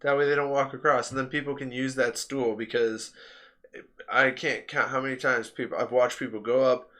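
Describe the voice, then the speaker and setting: A man's voice: medium pitch, little pitch movement, normal speed, pushed and bright. A man hosting a casual podcast chat, telling workplace stories with swearing and acted-out quotes. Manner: storytelling, swears, acts out quotes. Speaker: podcast host.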